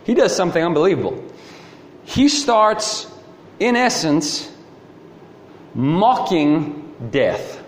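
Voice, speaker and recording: Lively preacher in an echoey hall. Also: male voice, on the high side, slow, pauses often, slight background noise. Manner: animated storytelling, asks rhetorical questions. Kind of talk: sermon. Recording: echoey hall with faint ambience.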